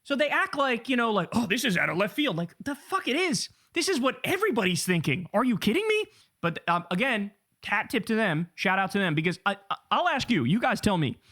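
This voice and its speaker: A man in his thirties streaming, reading an article aloud and reacting with profane, animated swagger. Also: high-pitched, a little fast. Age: 30s.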